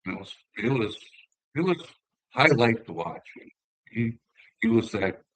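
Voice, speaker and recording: An older man from northern Minnesota with an Upper Midwest accent, a former hockey player telling relaxed, rambling stories in an interview. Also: mid-range voice, a little slow, no echo, low-quality recording. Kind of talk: casual conversational storytelling.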